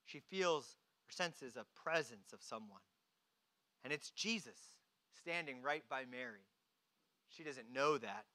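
A preacher delivering a dramatic sermon, swinging between hushed, quiet moments and emphatic, rising lines. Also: mid-range voice, expressive, a little slow.

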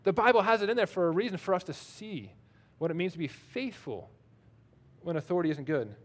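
A man's voice: high-pitched, expressive, fairly quick. A man preaching a sermon in a conversational, self-deprecating way, reading scripture aloud between his own remarks. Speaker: pastor.

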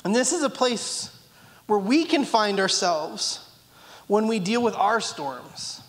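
A man's voice: high-pitched, sing-song, slow, a bit bright. A man preaching a sermon as pastor, earnest and repetitive, now and then acting out pleading voices. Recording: long reverb of a large hall.

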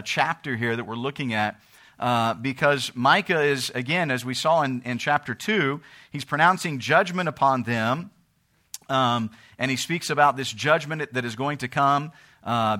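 Bright-voiced preacher man reading scripture. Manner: reads scripture in King James English, then explains with fillers and repeated phrases; grows louder and higher when pleading or quoting. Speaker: pastor. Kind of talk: sermon.

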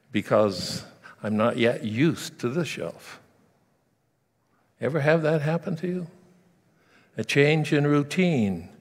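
A man's voice: medium pitch, in a large hall. A man preaching a sermon, telling stories and asking his listeners direct questions.

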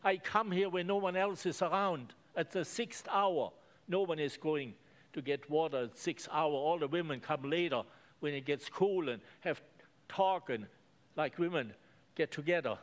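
A doubtful woman at a well, incredulous and pressing, as a preacher puts her on in a sermon. She fires repeated questions, then turns to pleading. The voice sits fairly high. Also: animated, a little slow, pauses often.

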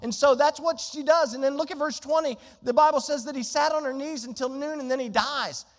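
A man preaching a sermon, telling a Bible story in an animated way and throwing rhetorical questions at his congregation. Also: extremely high pitch, brisk, big-room sound. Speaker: pastor.

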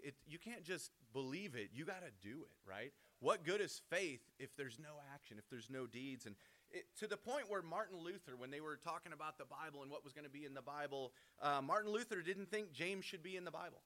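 A man's voice: fairly high pitch, expressive, a little fast, bright, forceful tone. A man giving a casual Bible teaching, conversational, often checking in with "right?" and restarting his words. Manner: frequent restarts and repeated words.

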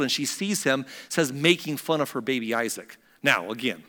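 A man delivering a sermon with a bright, forceful tone, telling the story with dramatic shifts from raised intensity to near-whispered hush. His voice carries a long reverb, as if spoken in a large hall. He lingers on the emotional beats. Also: medium pitch, animated, brisk. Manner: storytelling with dramatic swings between loud and hushed. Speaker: preacher.

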